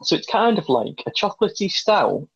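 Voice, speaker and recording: Husky Lancashire man on a dull call. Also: sits high, big pitch swings, normal speed, dry recording. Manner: rambling, enthusiastic about beer. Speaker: guest panelist. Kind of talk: casual chat.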